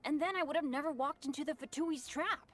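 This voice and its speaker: A woman voicing a cheerful, hapless young boy adventurer who is earnest and quick to apologize in game dialogue. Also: high-pitched, a bit bright.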